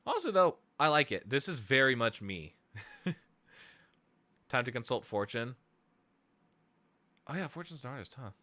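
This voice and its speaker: A man's voice: mid-range voice, sing-song, a little slow, long pauses, sharp tone, dry recording. A man chatting casually on a live stream, rambling and self-deprecating as he thinks aloud, tired from lack of sleep. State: sleep deprived. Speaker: streamer and musician.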